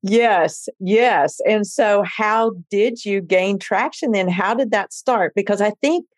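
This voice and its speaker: A woman's voice: mid-range voice, slow. A woman hosting a podcast, opening with a scripted intro and then chatting with her guest. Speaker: podcast host. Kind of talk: casual interview and scripted intro.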